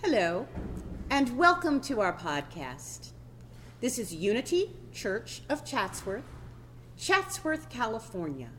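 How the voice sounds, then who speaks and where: Bright, lively woman co-hosting a church podcast. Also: fairly high pitch, a little hiss or hum. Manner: warm storytelling, some halting fillers. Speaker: pastoral nurse and podcast co-host.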